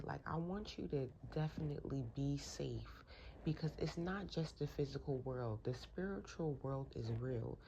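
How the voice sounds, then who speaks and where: A woman's voice: low-pitched, a little mellow, slight background noise. A woman host giving a closing address, speaking earnestly and directly to the viewers.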